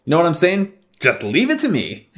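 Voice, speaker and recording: A man's voice: fairly high pitch, wildly swooping pitch, a little fast, fairly bright tone, pitched above the performer's own voice, heavily acted. A man doing a brash burly rebel leader. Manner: brash, streetwise slang.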